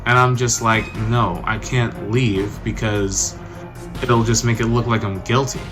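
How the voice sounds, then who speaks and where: A young man vlogging, telling a personal story in an animated, conversational way with lots of filler words. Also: on the low side, measured pace, music in the background. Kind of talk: storytime narration.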